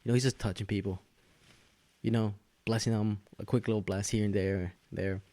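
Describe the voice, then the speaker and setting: A man's voice: lowish voice, fairly even intonation, moderate pace, dark tone, no room sound. A young man hosting a podcast, telling a story in rambling casual chat, laughing often and swearing. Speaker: podcast host.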